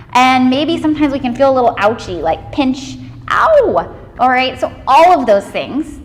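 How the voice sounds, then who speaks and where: A woman leading a children's yoga class, gentle and playful, encouraging the kids and making animal noises. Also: fairly high pitch, big-room sound.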